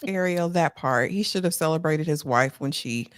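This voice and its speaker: A woman with a lowish voice hosts a casual recap stream. She retells the scenes with dramatic emphasis, and her voice sounds dry and close with no room around it. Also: moderate pace, dry recording. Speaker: live stream host. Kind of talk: casual show recap chat.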